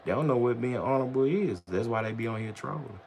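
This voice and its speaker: A man's voice: medium pitch, expressive, fast, vocal fry, darkish tone, slight background noise. A man chatting casually on his livestream in loose slang, rambling and often tossing in "bro" and "you know what I'm saying". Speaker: vlogger on a livestream.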